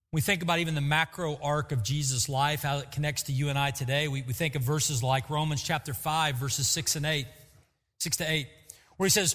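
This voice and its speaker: A man preaching a sermon as pastor, lively and acting out quotes to make his points. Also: a little high. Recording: long hall reverb.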